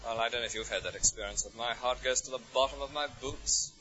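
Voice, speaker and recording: A man with an English accent preaching a sermon, full of rhetorical questions, his voice soaring high and then dropping to a hush. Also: fast talker. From England. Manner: expressive, rhetorical questions, swings from soaring to hushed. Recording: dull lo-fi recording.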